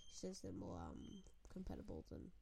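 A woman's voice: very deep voice, sing-song, moderate pace, vocal fry, mellow, slight background noise. A woman in a casual podcast chat, talking in a giggly way and restarting her sentences often.

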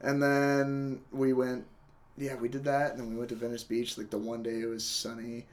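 A young man in casual chat, telling stories loudly, swearing and laughing often. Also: mid-range voice, monotone, moderate pace.

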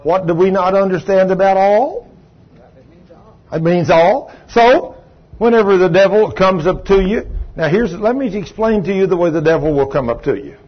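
A man, a pastor preaching a sermon, telling a story in a low voice and then rising loud and emphatic. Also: moderate pace, dull audio. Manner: swings from low quiet telling to loud raised retelling. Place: church sanctuary.

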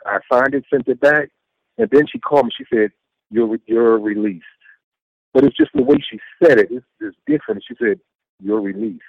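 A middle-aged man, appearing as an interview guest, earnestly recounts his faith testimony, repeating himself a lot and acting out the things he said. His medium-pitched voice is gravelly, and the lo-fi recording has no room sound.

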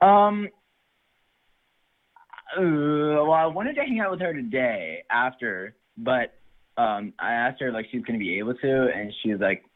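Man, caller, hesitant, rambling storyteller, mid pitch, tinny phone sound. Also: animated, a little slow. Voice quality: hesitant, rambling, full of "I'm like".

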